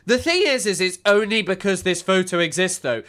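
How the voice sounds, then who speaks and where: Bright, crisp sarcastic male commentator. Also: high voice, lively intonation, a little fast. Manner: sarcastic, profane, rambling asides. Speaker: streamer reacting to a news clip. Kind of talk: casual reaction commentary.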